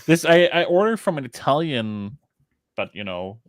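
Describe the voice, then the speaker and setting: A man's voice: on the high side, very animated, moderate pace, no room sound. A man with a Danish accent, a podcast co-host chatting casually in a rambling, chatty way with casual swearing. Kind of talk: casual chat.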